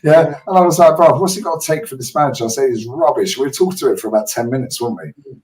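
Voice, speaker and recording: A man with a London accent hosting a casual football stream, telling stories in animated slang with plenty of swearing. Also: medium pitch, quick pace, recorded from a distance, poor audio. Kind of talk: casual chat.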